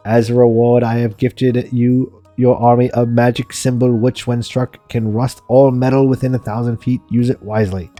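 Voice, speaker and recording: A man's voice: medium pitch, little pitch movement, dark tone, dry recording, faint music behind, natural voice. A man voicing a smug, greedy old-world wizard. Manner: smug, deliberate, menacing. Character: greedy scheming male wizard.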